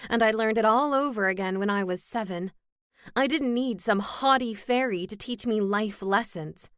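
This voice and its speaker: Female audiobook narrator, steady and wry, dry studio sound. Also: a little high, moderate pace, clear, resonant tone, no room sound. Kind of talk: scripted first-person narration.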